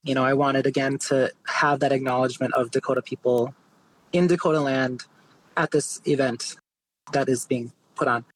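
A man's voice: medium pitch, moderate pace, poor audio. Easygoing man telling a story. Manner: relaxed, many fillers like "like" and "you know". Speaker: guest artist. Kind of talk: casual interview storytelling.

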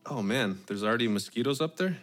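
A man's voice: medium pitch, lively intonation, fast talker, over music. A man co-hosting a radio talk show, chatting in a friendly, conversational way. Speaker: podcast co-host. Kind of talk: casual radio chat.

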